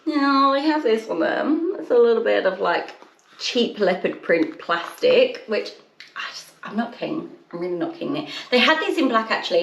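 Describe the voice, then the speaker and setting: A woman chatting casually in a haul vlog, rambling with quick asides. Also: medium pitch, fairly bright tone, far from the mic. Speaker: haul vlogger. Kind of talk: casual chat. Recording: echoey room, mic set back.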